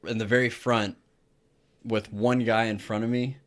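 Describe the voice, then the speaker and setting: A man's voice: on the low side, flat delivery, normal speed. A man co-hosting a podcast, telling a story in casual chat and swearing freely. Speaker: podcast co-host.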